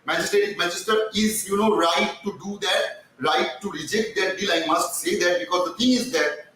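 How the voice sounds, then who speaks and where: Male host, cracked voice, rambling fan chat; high-pitched, far from mic in a very echoey room. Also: moderate pace, sharp tone, soft background music. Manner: rambling, repeats words, many fillers. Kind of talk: casual live football chat.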